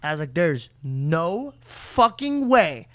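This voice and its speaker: A young man with a high, bright voice tells a podcast story at full tilt. He swears freely and acts out the other people in the tale. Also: big pitch swings, slow, slight background noise. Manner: profane, acts out voices of people in his stories. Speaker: podcast co-host. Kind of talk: animated casual storytelling.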